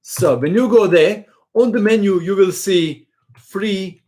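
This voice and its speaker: A man's voice: high voice, animated, slow, a little mellow. A man, a chess channel host chatting casually in a live-stream question and answer session, hesitant with many fillers.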